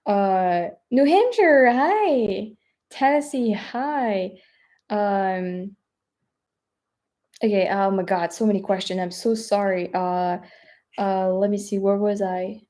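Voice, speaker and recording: A woman's voice: mid-range voice, slow. A young woman with a French accent, chatting casually on a live stream, with a hesitant manner and lots of fillers. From France. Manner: hesitant, many fillers, soft trailing asides. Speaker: travel vlogger. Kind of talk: live stream chat reading viewer questions.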